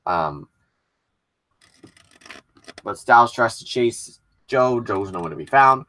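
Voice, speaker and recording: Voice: mid-range voice, animated, slow pace, bright, forceful tone. A wrestling show commentator giving a casual recap and opinion, passionate and blunt, with some swearing.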